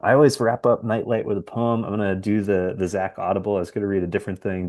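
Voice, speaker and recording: A man's voice: sits low, a little mellow. A man hosting a reading series over a video call, chatty and rambling. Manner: rambling and chatty, full of fillers and laughs. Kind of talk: casual wrap-up talk and poetry reading.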